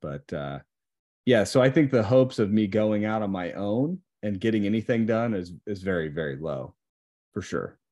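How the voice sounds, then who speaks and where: Young man, lowish voice; easygoing guest who rambles casually. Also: normal speed. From Indiana. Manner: relaxed, rambling, many fillers like "like" and "you know". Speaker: podcast guest. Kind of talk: casual chat.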